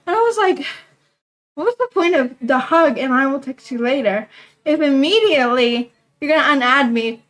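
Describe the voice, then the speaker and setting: Young woman, high voice, casual rambling storyteller who talks fast and gets breathless. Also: animated, fairly bright tone, rough recording. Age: young adult. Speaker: vlogger.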